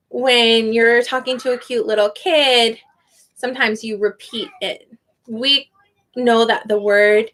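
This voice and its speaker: A woman's voice: on the high side, fairly even intonation, a bit bright. A young woman, an online English teacher, casually explaining how to pronounce names and sounding them out carefully. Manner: slow, careful, drawn-out name pronunciation. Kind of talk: casual live teaching chat.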